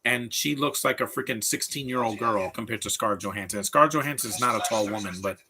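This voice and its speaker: A man with a bright, forceful voice talks over a movie as it plays. His live commentary is opinionated and rambling, full of restarts, and his pitch sits right in the middle. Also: fast. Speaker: film commentator.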